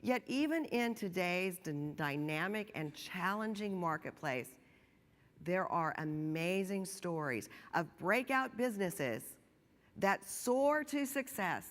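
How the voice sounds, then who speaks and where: Animated keynote speaker in an echoing hall. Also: female voice, fairly low pitch, slow pace. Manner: animated storytelling, rising emphasis. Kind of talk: keynote speech. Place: large conference hall. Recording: long hall reverb.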